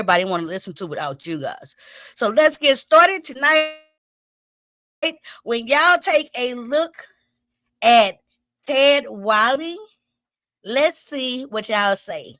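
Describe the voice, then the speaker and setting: A woman's voice: on the high side, sharp tone, no echo. A woman hosting a home livestream who chats loosely with her viewers, greets them by name and laughs often, and sounds a little winded. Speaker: host of a livestream commenting on trials. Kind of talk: casual livestream chat with viewers. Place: small room at home.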